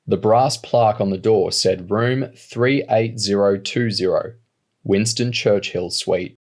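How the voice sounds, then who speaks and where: A man narrating an audiobook in a steady, measured reading voice. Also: fairly low pitch. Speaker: audiobook reader. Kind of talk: storybook narration.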